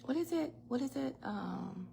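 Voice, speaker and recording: Woman host, casual kitchen-livestream chat, slightly gravelly voice, laughs and curses freely. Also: sits high, lively intonation, a little slow, mellow, a little hiss or hum. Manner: chatty storyteller, laughs and swears freely. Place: home kitchen. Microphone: phone or webcam in a home kitchen.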